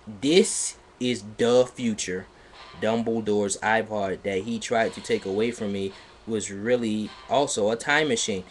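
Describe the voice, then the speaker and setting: A man's voice: lowish voice, fairly even intonation, normal speed, a little hiss or hum. A man giving a comedic dramatic reading of a text, exasperated and breaking off to mock it. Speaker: live streamer reading aloud. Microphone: computer microphone on a live stream.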